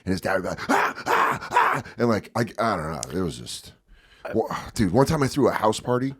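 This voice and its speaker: A man in his forties telling a story casually as a podcast guest, profane and animated, acting out voices loudly. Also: lowish voice, fairly quick, husky.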